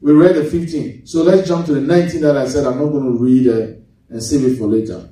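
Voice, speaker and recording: A man's voice: a little high, steady tone, fairly quick, dark tone. A man preaching a sermon as pastor, reading scripture and asking the congregation leading questions for them to answer. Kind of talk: sermon with call-and-response Bible reading. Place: church hall. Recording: very echoey hall, mic far off.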